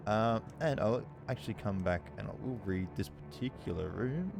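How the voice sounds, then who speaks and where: A man narrating as dungeon master in a tabletop game, describing scenes in an unhurried way with frequent ums. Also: lowish voice, lively intonation, gravelly, over music.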